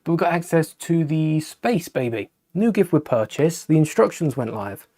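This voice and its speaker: A man's voice: fairly high pitch, sing-song, moderate pace, dark tone. A British man hosting a live Lego building stream, chatting casually, thinking aloud as he builds and answering viewers' questions. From United Kingdom.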